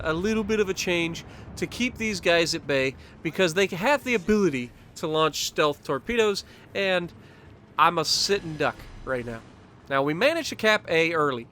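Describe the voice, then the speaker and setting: A man giving casual commentary over his own gameplay footage, upbeat and quick to chuckle. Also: a little high, expressive, sharp tone, a little hiss or hum. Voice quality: chuckles often, upbeat and talkative. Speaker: gaming commentator.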